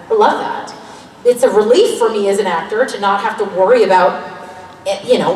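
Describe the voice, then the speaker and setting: A Canadian woman in her thirties, an actor answering fan questions on a convention panel in a lively, joking, candid way. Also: medium pitch, a little hiss or hum. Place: large convention hall. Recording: echoey hall recording from far off.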